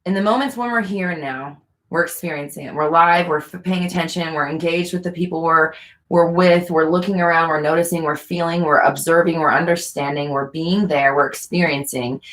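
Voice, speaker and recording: A woman's voice: low-pitched, steady tone, fairly quick, fairly bright tone. A woman coaching viewers in casual talk, earnest and repetitive, thinking aloud with fillers. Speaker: manifestation coach answering viewer questions.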